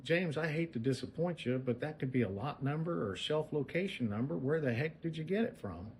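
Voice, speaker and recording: A man voicing a ninety-three-year-old former chimp handler, a little higher and softer than his own voice. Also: expressive, a little fast, slight background noise. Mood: recounting. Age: older.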